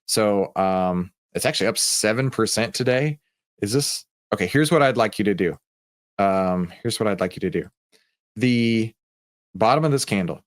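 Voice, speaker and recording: A man's voice: on the low side, moderate pace. A man hosting a live trading stream, chatting casually and joking with viewers in the chat.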